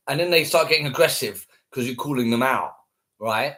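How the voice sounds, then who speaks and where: A man's voice: mid-range voice, a little fast, bright, forceful tone. A man ranting casually to camera, scornful and heavily profane, repeating himself.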